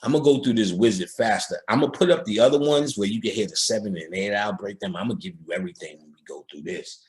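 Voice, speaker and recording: A man's voice: fairly low pitch, fast talker. Streetwise, profane man lecturing. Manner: streetwise, profane, storytelling, mimics voices. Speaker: occult lecturer. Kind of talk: casual spoken lecture.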